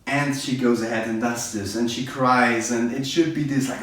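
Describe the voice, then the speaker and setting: A man's voice: medium pitch, normal speed. A man reviewing a film in a casual, sarcastic, exasperated rant. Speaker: movie reviewer. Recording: very echoey room, distant mic.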